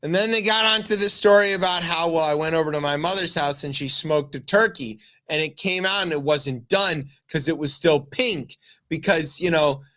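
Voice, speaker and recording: A man hosting a comedic news talk show, telling stories excitedly with many restarts. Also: a little high, normal speed. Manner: excited storytelling full of restarts. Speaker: radio show host.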